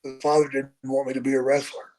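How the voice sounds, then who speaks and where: A man in his sixties telling stories from his own life on a podcast, unhurried and swearing freely. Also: medium pitch, monotone, a little mellow, rough recording. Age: 60s. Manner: profane, unhurried storyteller. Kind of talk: casual storytelling.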